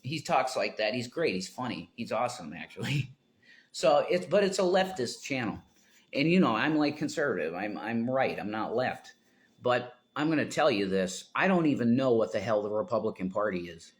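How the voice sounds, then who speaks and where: A man's voice: mid-range voice, big pitch swings, normal speed. A man talking to viewers on his livestream in a rambling, tangent-prone way, breaking into emphatic outbursts.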